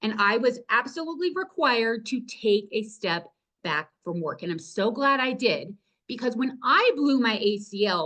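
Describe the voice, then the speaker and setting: A woman's voice: a little high, sing-song, normal speed, a bit bright. A woman presenting a video-call workshop, talking to her audience with enthusiasm and urging them to join in. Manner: enthusiastic, upbeat, direct to audience. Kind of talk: energetic webinar teaching.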